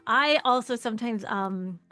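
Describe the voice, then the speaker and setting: A woman's voice: a little high, unhurried, dry recording, soft background music. A woman leading a live online workshop in a casual, chatty way, acting out quoted lines in playful voices. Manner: animated, acts out quoted dialogue in voices; casual, conversational, chatty asides. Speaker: workshop leader.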